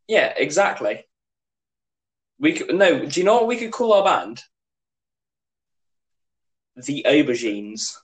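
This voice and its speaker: A man's voice: high-pitched, big pitch swings, normal speed, long pauses, rough recording. A young man, chatting as a podcast guest, rambling and hesitant with lots of "like". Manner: rambling and hesitant, heavy use of "like". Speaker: podcast guest, skater and drummer. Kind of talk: casual chat.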